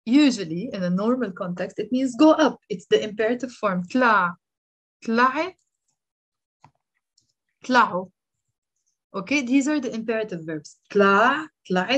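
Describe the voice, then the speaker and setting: A woman's voice: fairly high pitch, lively intonation, fast talker, long pauses, fairly bright tone, slightly rough, lo-fi sound. A woman with a Lebanese accent, a native speaker of Lebanese Arabic, giving a casual language lesson and often checking in with "okay?".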